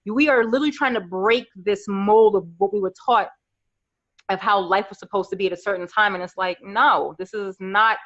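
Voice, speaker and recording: A woman's voice: medium pitch, normal speed, fairly bright tone. A woman in her thirties from New York chats as a podcast guest in a mid-range voice. She tells her stories casually and animatedly, putting on her friends' voices. The recording sounds slightly muffled. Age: 30s. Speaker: podcast guest, makeup artist.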